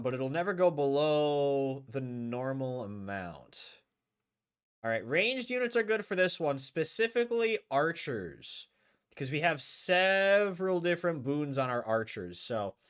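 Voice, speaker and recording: A young man streaming a game live, chatting casually and thinking aloud, often trailing off quietly. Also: medium pitch, clean tone.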